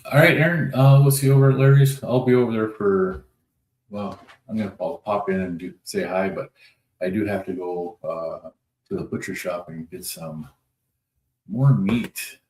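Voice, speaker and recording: A folksy, low-voiced man from North Dakota rambles easily through casual chat on his livestream, reading out comments. He speaks at normal speed with a darkish tone, and the recording has an echoey room and faint noise.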